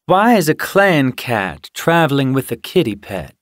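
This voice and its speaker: A man voicing a grumpy, toothless old she-cat in an audiobook, raspy and dry. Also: medium pitch, very animated, unhurried, no room sound, pitched above the performer's own voice.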